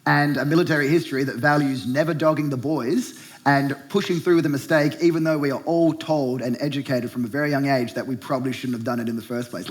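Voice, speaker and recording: A man's voice: a little high, lively intonation, a little fast, fairly bright tone, slight background noise. A young Australian man doing stand-up as the host of a segment, heated and sarcastic, swearing and mocking blokes in put-on voices. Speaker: comedian hosting a show segment. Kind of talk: stand-up rant.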